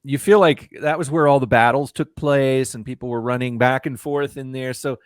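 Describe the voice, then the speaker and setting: A man co-hosting a casual anime review chat, explaining things in a measured way. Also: mid-range voice, steady tone, clear, resonant tone, no echo, studio quality. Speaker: movie review co-host.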